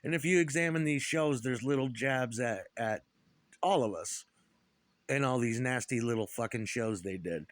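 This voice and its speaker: A man's voice: medium pitch, normal speed, dry recording. A middle-aged man from upstate New York, a former punk musician, talking alone in a profane, rambling, aggrieved rant full of restarts. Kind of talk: rambling solo monologue.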